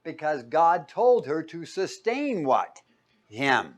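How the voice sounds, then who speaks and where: A male pastor preaching a sermon, putting questions to his listeners and answering them himself, with sudden loud peaks and quiet, low asides. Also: sing-song, slow pace.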